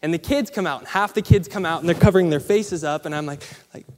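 Animated male speaker in a reverberant hall. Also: fairly high pitch, fast talker. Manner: animated storyteller acting out quotes. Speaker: motivational speaker. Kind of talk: storytelling speech on stage.

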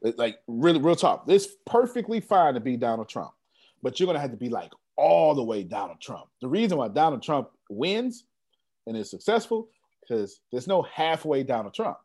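A man's voice: medium pitch, normal speed. A man hosting an online team meeting, talking in a casual, slangy and teasing way, repeating himself for emphasis. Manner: animated, slangy, teasing and repetitive. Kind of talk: casual motivational team call.

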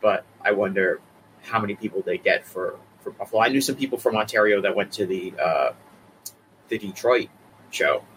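A man from the Boston area co-hosting a podcast in casual chat, animated and prone to playful asides. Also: lowish voice, moderate pace, slight background noise, poor audio. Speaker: podcast co-host, reporter.

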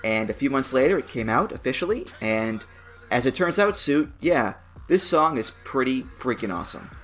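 Male podcast host, casual chat, gets excited telling stories, faint music behind. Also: medium pitch, normal speed. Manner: enthusiastic, animated storytelling.

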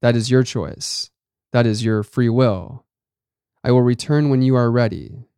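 A man voicing a serene otherworldly woman in white who questions calmly and speaks sternly, in a storybook reading. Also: medium pitch, smooth, no room sound, clean studio sound, natural voice. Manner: calm, measured questioning.

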